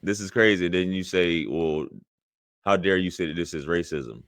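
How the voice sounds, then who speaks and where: A man with a very low voice comments on a video clip as a podcast host. He is indignant and emphatic, and he hammers his points by repeating them. The sound is dry and close. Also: normal speed, fairly bright tone, no room sound. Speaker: podcast host reacting to clips.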